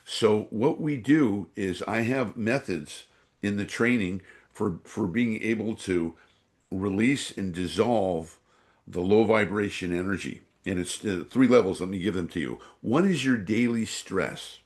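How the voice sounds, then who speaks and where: A San Francisco energy awareness trainer guesting on a podcast rambles through his stories, full of fillers and acted-out voices. His voice is fairly low and darkish, with a measured pace.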